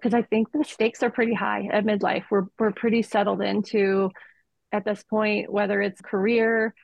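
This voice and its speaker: A woman in her forties talks as a podcast guest, reflective and earnest, her words loosely strung with "like." Her voice is deeply gravelly with vocal fry and a husky edge. The sound is dry and a little muffled. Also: little pitch movement, normal speed, no room sound. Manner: reflective, earnest, many "like" fillers. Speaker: guest, midlife coach. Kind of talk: conversational interview.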